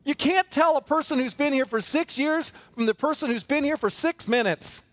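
A man's voice: very high voice, normal speed, no echo. A man preaching a sermon as pastor, emphatic and repetitive, with many rhetorical questions.

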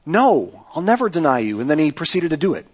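Conversational male preacher, slightly high voice. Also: very animated, quick pace, breathy edge. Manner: conversational preaching, often asking "right?". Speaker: pastor. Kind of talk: sermon.

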